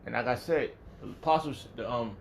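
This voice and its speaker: A man in the middle of an informal Bible study, circling back and restarting his thoughts as he goes. His voice sits at an ordinary middle pitch, and his speech is blunt and profane, breaking into sudden loud, angry outbursts. A faint hiss of noise runs underneath. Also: brisk, gravelly. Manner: emphatic and profane. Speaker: religious teacher. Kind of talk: casual Bible study talk.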